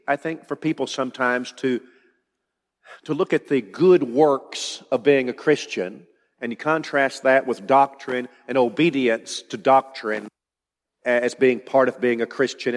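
A man's voice: mid-range voice, measured pace, big-room sound. A man preaching an expository sermon, emphatic and building to rising declarations.

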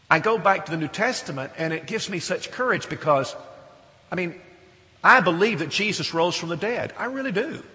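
A man preaching in an earnest, emphatic way, turning to his listeners with questions. His voice is fairly high and very bright. It carries a long reverb, as if it fills a big hall. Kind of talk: sermon.

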